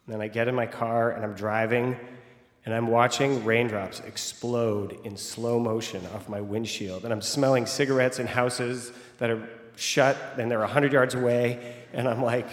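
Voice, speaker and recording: A young man telling a personal story live on stage, animated and vivid, building to excited outbursts. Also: medium pitch, moderate pace, slight background noise. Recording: echoey hall with long reverb.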